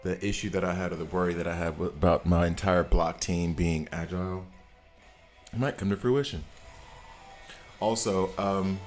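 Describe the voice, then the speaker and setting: This American streamer has a deep voice with fairly even intonation, speaking at a moderate pace with long pauses. He chats casually on a live game stream, greeting viewers and laughing often, as soft music plays behind him.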